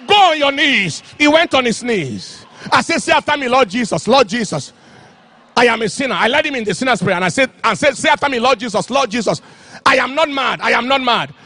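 A man preaching an impassioned sermon, telling a story and shouting out phrases. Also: extremely high pitch, animated, brisk, no echo.

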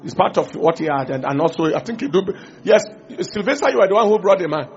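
Preacher, man, high gravelly voice, husky, on a dull lo-fi recording. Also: animated, fast. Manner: preaching, engaging the congregation. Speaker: pastor. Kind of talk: sermon.

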